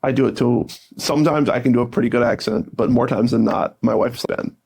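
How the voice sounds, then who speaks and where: A man's voice: medium pitch, steady tone, fast, vocal fry, a little mellow, breathy edge. A young man chatting casually as a podcast producer and fill-in host, jokey and laughing often. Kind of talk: casual chat.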